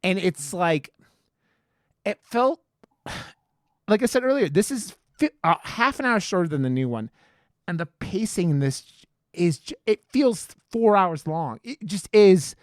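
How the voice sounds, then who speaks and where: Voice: medium pitch, very animated, measured pace, no echo, clean studio sound. A podcast co-host in a casual horror movie review chat, rambling with many restarts and casual swearing.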